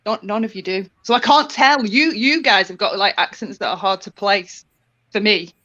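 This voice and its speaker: A woman's voice: mid-range voice, moderate pace, sharp tone. Northern English woman, muffled audio. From Northern England. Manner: chatty, laughs often. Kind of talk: casual chat. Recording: dull lo-fi audio.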